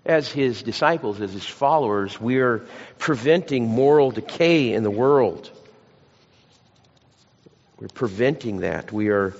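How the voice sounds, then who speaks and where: A man preaching a sermon, mixing scripture with folksy, self-deprecating stories. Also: lowish voice. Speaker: pastor. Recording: lo-fi church hall recording.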